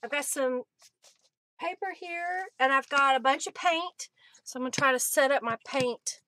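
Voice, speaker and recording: A woman with a high, pushed, bright voice hosts a casual crafting livestream at a moderate pace. She chats, laughs often, and greets viewers by name.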